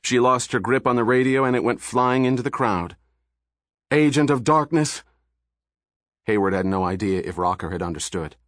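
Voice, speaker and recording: A man reading a thriller audiobook in steady, measured narration, recorded on a studio microphone. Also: lowish voice, dry recording.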